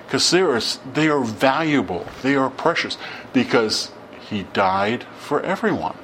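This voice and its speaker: A man's voice: mid-range voice, slight background noise. A middle-aged man giving an informal sermon, telling stories in a conversational way and acting out the dialogue. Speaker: preacher.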